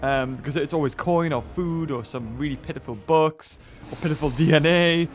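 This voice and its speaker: A man's voice: fairly high pitch, moderate pace, faint music behind. A man from England, hosting casual let's-play commentary, rambling and chatty with lots of fillers and restarts. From northern England. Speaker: gaming video host.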